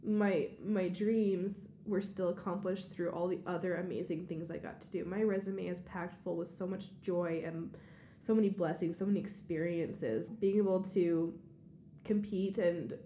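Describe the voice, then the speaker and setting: A woman who coaches figure skating talks in a heartfelt, reflective way, with a lowish, mellow voice. The room around her is echoey, and faint noise sits underneath. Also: steady tone, normal speed. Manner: heartfelt, reflective, laughs often. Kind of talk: casual interview chat.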